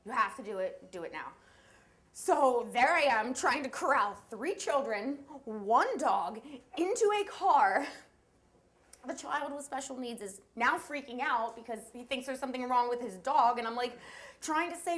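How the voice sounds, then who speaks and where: A young woman with a high voice tells her own story at a live storytelling event. Her delivery is animated and breathless, with quick laughs between the lines.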